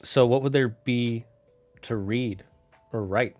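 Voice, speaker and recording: A man streaming live, thinking out loud and answering chat in a casual, rambling way. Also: medium pitch, no room sound, soft background music. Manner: musing aloud, thinks out loud with quick asides. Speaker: streamer running a worldbuilding chat.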